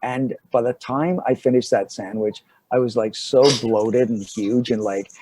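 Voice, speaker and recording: A man's voice: medium pitch, a little slow, slight background noise, rough recording. A middle-aged actor telling a funny anecdote in casual conversation, acting out the voices of the people in his story. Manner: animated storyteller acting out dialogue. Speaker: actor guest.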